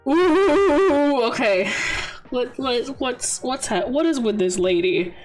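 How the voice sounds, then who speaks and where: High-voiced playful woman streamer. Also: expressive, takes it slowly, a little mellow, faint music behind. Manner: playful, exasperated, laughs often. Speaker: VTuber streamer. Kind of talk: casual gaming livestream chat.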